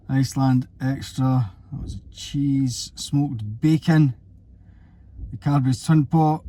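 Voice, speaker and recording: A man's voice: mid-range voice, steady tone, slow pace, mellow. A man with a Scottish accent, chatting casually as a vlogger and often exclaiming in disbelief as he goes through shops and sits in a car. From Scotland. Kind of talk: casual vlog commentary.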